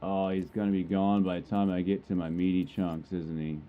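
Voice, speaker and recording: A man's voice: low-pitched, flat delivery, moderate pace, lo-fi sound, slight background noise. A man giving casual, joking commentary while streaming a game, chatty and rambling as he plays.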